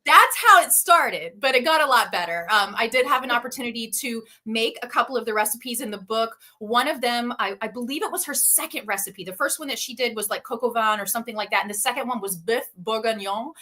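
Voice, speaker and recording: A woman's voice: fairly high pitch, quick pace, hardly any pauses, sharp tone. A woman author talking about her novel in a casual interview, enthusiastic and laughing often, heard over a video call. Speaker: guest author.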